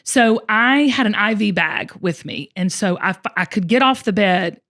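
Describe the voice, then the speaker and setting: A woman host telling a personal story in casual conversation, emotional and expressive, often speaking straight to her listeners. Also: medium pitch, normal speed. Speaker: show host.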